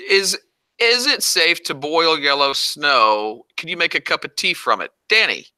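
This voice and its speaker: A man with a very bright, forceful voice talks through a football podcast in a relaxed, joking way. The sound is close and dry, with no room around it. His pitch stays mid-range. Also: no echo. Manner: relaxed, laughing, quick asides. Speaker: podcast panelist. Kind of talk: casual football podcast chat.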